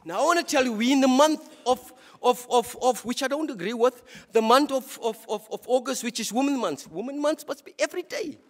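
A man's voice: very high-pitched, brisk. A South African man preaching a sermon in church as a deacon, impassioned, stumbling and repeating words as he goes. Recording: reverberant church hall.

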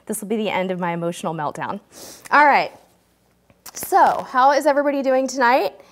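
A woman in her forties, a cruise vlogger, chatting warmly and emotionally to viewers during a live stream, choked up at times. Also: on the high side, animated, fairly quick. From California, US. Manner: chatty, gushing, talks straight to viewers in the chat.

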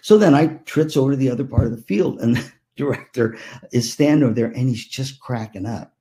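An older man giving a keynote to music teachers, telling lively anecdotes and acting out the voices of people in them. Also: mid-range voice, fairly quick. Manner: animated, acts out voices in anecdotes. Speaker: keynote speaker. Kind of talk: storytelling keynote. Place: virtual conference talk.

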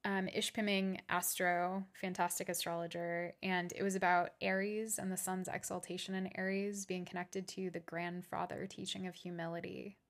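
A woman speaking on her own podcast in a low, fairly even voice that rarely rises or falls much. She muses earnestly, stopping and restarting with fillers and now and then dropping a swear word. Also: moderate pace, hardly any pauses. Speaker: podcast host. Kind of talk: reflective solo podcast monologue.

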